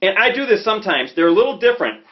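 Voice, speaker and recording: A man's voice: high voice, rapid-fire. Chicago man teaching saxophone casually. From Chicago, USA. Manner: relaxed, conversational, frequent "okay?" and "you know". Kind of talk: casual instructional talk. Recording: slightly dull lo-fi audio with faint music.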